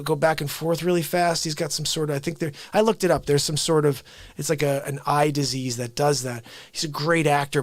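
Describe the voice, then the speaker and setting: Excitable man chatting on a livestream. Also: on the high side, no room sound. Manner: excited storyteller, laughs often, acts out movie lines. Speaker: livestream host. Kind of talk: casual livestream chat.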